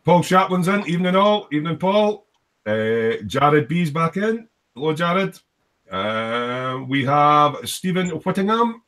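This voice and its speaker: A man's voice: a little high, big pitch swings, slow pace, fairly bright tone. Male host of a casual live stream, chatty, loose with fillers, greets each viewer.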